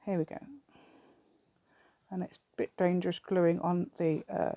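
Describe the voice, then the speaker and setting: A woman's voice: on the low side, fairly even intonation, a little slow, creaky, mellow, dry recording. A British woman hosting a craft channel, chatting through a crafting demonstration and rambling to herself with giggly asides.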